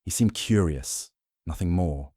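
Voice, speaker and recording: A man's voice: low-pitched, unhurried, warm tone, husky, no room sound, clean studio sound. A man doing a clipped German-accented doctor. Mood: defensive. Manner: clipped, precise. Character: nervous, stiff male German doctor. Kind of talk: audiobook character voice.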